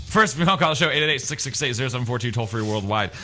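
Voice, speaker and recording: A man's voice: mid-range voice, lively intonation, fast talker, pushed and bright, faint music behind. A man co-hosting a casual talk show, telling stories and laughing often. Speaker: co-host. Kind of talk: casual banter.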